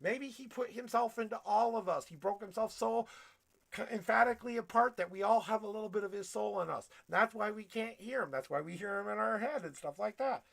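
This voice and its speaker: A man giving a blunt, profane tarot reading on a livestream, preaching at his viewers and working himself up to yelling. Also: sits high, brisk, creaky. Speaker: tarot reader.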